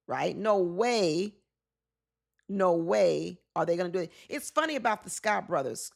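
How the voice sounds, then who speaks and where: A woman's voice: mid-range voice, animated, normal speed, gravelly. A woman giving casual, opinionated commentary on a reality show, often acting out what the cast members said.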